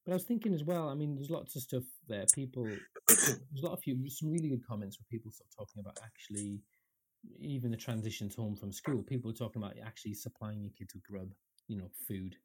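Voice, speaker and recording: Husky, mellow man. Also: medium pitch, fast talker. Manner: thoughtful, self-questioning, with false starts. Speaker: podcast co-host. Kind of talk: casual podcast chat.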